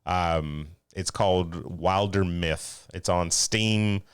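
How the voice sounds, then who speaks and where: A young man chats on a live stream in an animated, excitable way. His voice sits low and sounds smooth. It is dry and close, with no room sound. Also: slow, no echo. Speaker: podcast co-host. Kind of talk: casual chat on a live stream.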